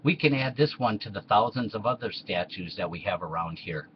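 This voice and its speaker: An eager young Roman son, as a man reads him. The pitch is low. The recording is muffled, with faint hiss. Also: expressive, brisk, lightly acted.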